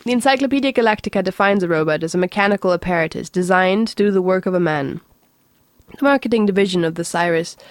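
A woman reading a novel aloud in a steady, unhurried way, with the odd stumble. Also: lowish voice, no echo. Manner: steady, unhurried storytelling with occasional slips. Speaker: reader.

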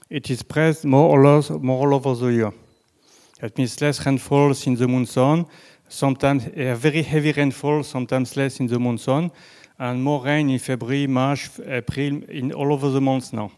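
A man with a French accent, a native French speaker, giving a slow, halting presentation with slides and frequent restarts. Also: medium pitch, darkish tone. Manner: halting, many restarts and fillers, deliberately slow. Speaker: presenter on groundwater.

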